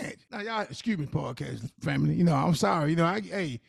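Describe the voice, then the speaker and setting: A man's voice: fairly high pitch, expressive, quick pace, creaky, breathy edge, no echo, studio quality. A man co-hosting a podcast, brash and blunt, laughing and swearing freely in casual banter. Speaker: podcast co-host.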